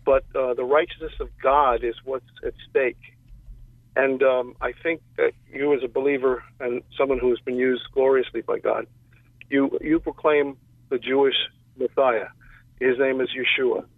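A man calls into a radio show over a tinny phone line, his voice gravelly. He talks haltingly, with restarts and fillers. The sound is dry. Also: mid-range voice, level tone, dry recording. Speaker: caller. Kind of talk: call-in radio talk.

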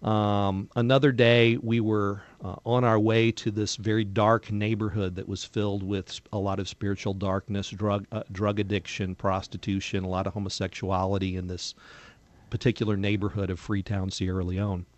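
A man's voice: on the low side, level tone, moderate pace. A man from America, a missionary guest telling testimony stories in a radio studio, earnest and quoting dialogue plainly. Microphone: studio microphone.

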